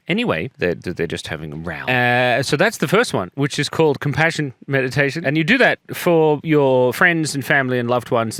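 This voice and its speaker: A man's voice: mid-range voice, fairly bright tone, no echo, clean studio sound. A man talking casually in a personal vlog, joking and self-deprecating while getting choked up, and coughing as he gets over a chest infection. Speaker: vlogger.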